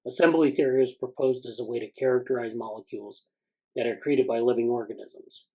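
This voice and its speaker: On a poor-quality recording, a man with a mellow, mid-range voice talks a bit quickly in an even tone. He's running an informal academic video meeting, reading newsletter passages out loud before offering halting remarks full of fillers and false starts.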